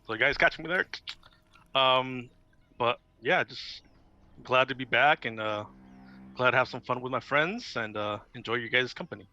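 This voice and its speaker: A man's voice: mid-range voice, normal speed, sharp tone. A man player introducing himself in casual chat, upbeat and scattered with fillers, heard over a video call. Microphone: different camera setup on a video call. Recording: dry, dull lo-fi call audio.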